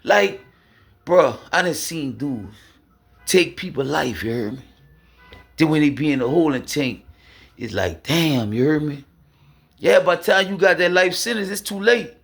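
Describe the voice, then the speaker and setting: A man's voice: on the high side, animated, a little slow, creaky, long pauses, a bit bright, husky, soft background music. A man giving an impassioned faith testimony, preaching in street slang and asking "you heard me?" again and again. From Louisiana, USA. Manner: repeats "you heard me?", street slang, rising emphatic bursts. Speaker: speaker sharing faith testimony.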